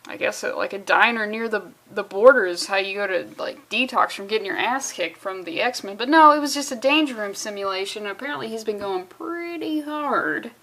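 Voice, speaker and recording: A sarcastic woman rambles through a comic book review, swearing freely as she talks. Her voice sits a little high. She delivers loose, offhand vlog commentary. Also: fairly bright tone.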